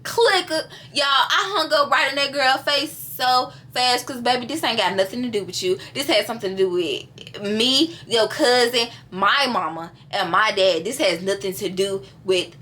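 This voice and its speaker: A woman in her early twenties telling a personal story to her viewers in a lively, chatty way, often speaking to them directly. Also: fairly high pitch, a little slow. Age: early 20s. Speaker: vlogger. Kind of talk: casual storytime.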